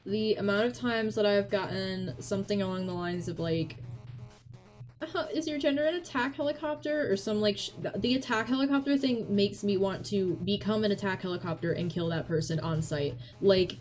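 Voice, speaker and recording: A woman co-hosting a vtuber chat stream talks bluntly and casually, swearing and rambling with restarts. Her medium-pitched, slightly mellow voice is brisk with few pauses, and faint music plays in the background.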